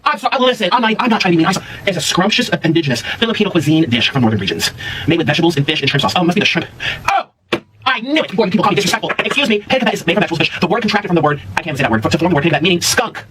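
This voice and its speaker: Dramatic, jokey male food vlogger, lively swooping delivery, recorded off-mic. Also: sits high, racing. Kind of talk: casual food tasting chat. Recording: distant mic with clear background noise.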